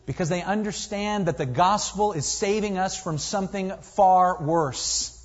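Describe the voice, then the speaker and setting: A man preaching a sermon, reading scripture with swelling emphasis and dropping low and quiet at times. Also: a little slow. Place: church sanctuary. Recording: dull, lo-fi recording in a reverberant hall.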